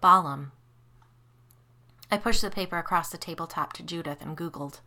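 A woman narrating a first-person supernatural story in a measured, even way. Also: lowish voice. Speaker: audiobook narrator.

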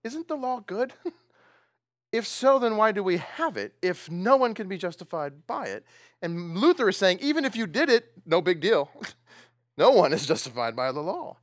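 A man's voice: sits high, very animated, normal speed, no room sound, clean studio sound. A man preaching a sermon, asking his congregation questions and laughing often as he talks. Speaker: pastor.

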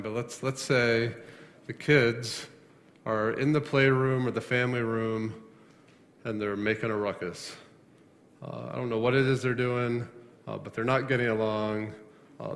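A man's voice: medium pitch, a bit bright, big-room sound, a little hiss or hum. A man preaching a sermon as a pastor, emphatic and full of rhetorical questions, often restarting his phrases.

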